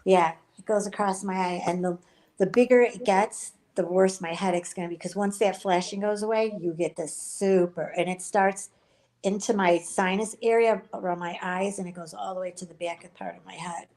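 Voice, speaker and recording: A woman chatting casually on a livestream, telling stories in an animated way and quoting other people. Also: normal speed. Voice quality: voice gone lower than it used to be. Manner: animated storyteller, quotes others, laughs often.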